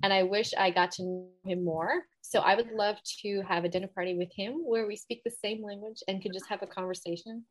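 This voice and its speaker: A woman's voice: medium pitch, fairly even intonation, a little fast, few pauses. Earnest woman in her thirties, reflective. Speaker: podcast guest, dietitian. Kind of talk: casual interview chat.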